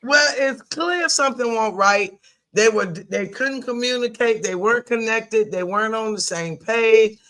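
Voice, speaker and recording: A man co-hosting a casual sports show, his voice high for a man and bright. He hammers home his opinions by saying them again and again. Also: measured pace. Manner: emphatic, repeats his point. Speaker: sports talk show co-host.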